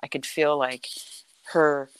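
A middle-aged woman telling a personal story in a conversation, animated and full of "like" and "you know". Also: sits low, slow, smooth, no room sound. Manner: animated, acts out quoted dialogue, frequent "like" and "you know".

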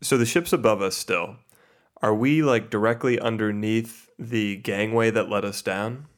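A man's voice: fairly low pitch, unhurried. A man playing a tabletop game, describing his moves in jokey detail. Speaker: player. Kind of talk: casual tabletop play.

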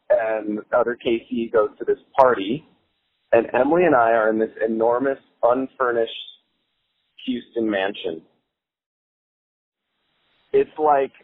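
A man telling a story in a casual, animated way, laughing as he goes and swearing freely. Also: medium pitch, no room sound. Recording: tinny phone-like sound with faint music.

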